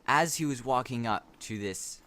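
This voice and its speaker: A young man co-hosting a casual podcast, carrying an improvised story forward with playful, deadpan teasing. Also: medium pitch, normal speed. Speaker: podcast co-host.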